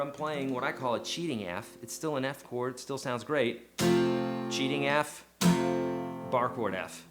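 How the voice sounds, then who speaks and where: A man teaching a casual guitar lesson, chatty and encouraging, counting beats aloud as he goes. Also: medium pitch. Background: his own acoustic guitar playing.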